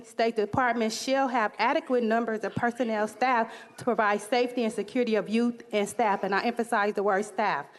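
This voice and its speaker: A woman union steward reading a prepared statement, deliberately stressing key words. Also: on the high side. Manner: emphatic, reads code sections deliberately. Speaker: union steward, detention officer.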